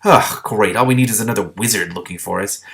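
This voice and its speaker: A cross, sharp-tongued young woman, put on by a man reading a storybook aloud. She speaks loudly and bluntly, pushing up into a higher, pressing register. Impatience runs through every word. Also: quick pace, vocal fry. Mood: impatient.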